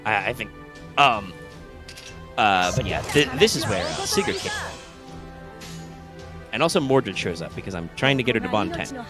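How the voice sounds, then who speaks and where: A man's voice: lowish voice, big pitch swings, normal speed, pauses often, music in the background. A man co-hosting a casual gaming podcast, rambling with lots of fillers and restarts and casual swearing. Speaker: podcast co-host. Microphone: live stream microphone.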